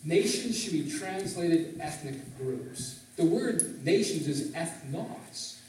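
Delivering a sermon in a church sanctuary in Canada, this pastor has a higher-leaning, darkish voice and speaks slowly but with animation. He teaches while often asking the congregation questions, captured from afar in a very reverberant hall.

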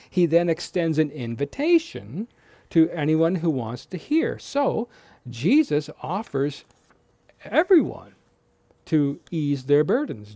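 A male preacher talks through scripture in a relaxed, explanatory way, his pitch rising and falling with real animation. His voice is warm and mellow, and it sits a little on the higher side for a man. The sound is close and dry. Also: no room sound. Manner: explanatory, conversational, with frequent restarts. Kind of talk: Bible teaching sermon.

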